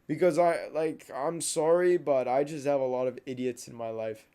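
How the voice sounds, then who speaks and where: Young man venting in a smooth voice. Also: mid-range voice, steady tone, moderate pace, dark tone. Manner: heated, venting, repeats himself. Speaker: podcast host. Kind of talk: casual monologue.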